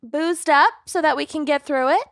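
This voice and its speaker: A woman's voice: high-pitched, moderate pace, a bit bright, no echo, clean studio sound. A woman co-hosting a podcast, chatting casually and giggling as she introduces the show. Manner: giggly, reads the intro with playful stumbles. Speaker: podcast co-host. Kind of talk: casual chat.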